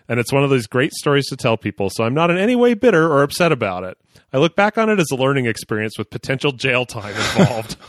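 A man's voice: medium pitch, dry recording, studio quality. A man from Oklahoma hosting a podcast, chatting casually and reading a listener's letter aloud with chuckles. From Oklahoma, USA. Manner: lively, chuckling reader. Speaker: podcast host.

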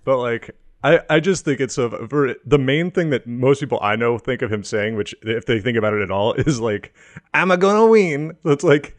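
A man co-hosting a casual chat podcast, animated and laughing as he jokes. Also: mid-range voice, moderate pace, hardly any pauses. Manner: animated, laughing, does silly quoted voices. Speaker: podcast co-host.

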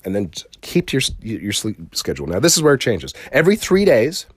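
A man with a lowish voice hosts a solo podcast and talks casually. His pitch swings widely as he rambles and swears, and he often stops to restart a sentence. Faint guitar plays behind him. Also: huge pitch swings, fast, slightly rough, no room sound, clean studio sound. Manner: rambling and profane, with frequent restarts. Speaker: podcast host.

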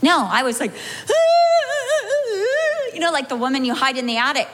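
A middle-aged woman, a pastor's wife, tells a funny personal story from the pulpit in a high, bright-pitched voice. She is animated and theatrical, acting out her own past moments as she goes. Her voice carries a long hall reverb over a faint hum of background noise. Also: very fast. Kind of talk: humorous personal testimony in a sermon.

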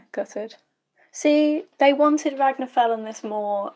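A woman's voice: sits high, takes it slowly, darkish tone. A young woman giving casual, blunt, sweary reaction commentary while watching a show. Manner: blunt, sweary, chatty asides. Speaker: YouTube reaction host.

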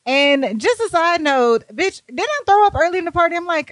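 Animated woman telling a wild story. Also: very high-pitched, fairly quick, no room sound. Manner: animated, profane, acts out other people's lines. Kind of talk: casual storytelling.

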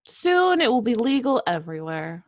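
A woman's voice: on the high side, very animated, normal speed, no room sound. A young woman co-hosting a casual podcast. She tells stories full of swearing and giggles, and drops her voice when she quotes other people. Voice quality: profane, giggly storytelling. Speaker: podcast co-host.

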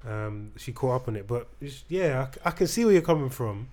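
A man's voice: mid-range voice, lively intonation, fairly quick, a little mellow. A young man hosting a casual chat, rambling and teasing with frequent restarts. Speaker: podcast host.

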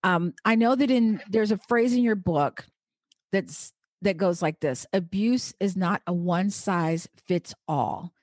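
A woman's voice: on the low side, slow pace, darkish tone, no room sound, clean studio sound. A woman hosting an interview, asking questions in a sympathetic, conversational way. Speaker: interview host. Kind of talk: podcast interview.

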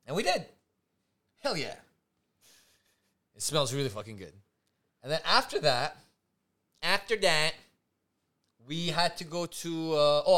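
A man co-hosting a podcast, telling a night-out story in a loose, profane, animated way and acting out what people said. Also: a little high. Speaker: podcast co-host. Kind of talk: casual storytelling chat.

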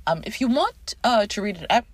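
A woman podcast host in her thirties talks casually into a close mic, her pitch swinging widely as she chats. She is animated and easily sidetracked, with the odd swear word, and the sound is dry and close with no room around it. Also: a little fast, no room sound. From Canada. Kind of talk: casual chat.

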